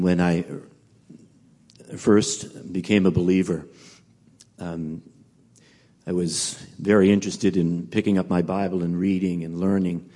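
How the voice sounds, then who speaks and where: A man preaching in a conversational, halting way with frequent fillers. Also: deep voice, dark tone. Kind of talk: sermon.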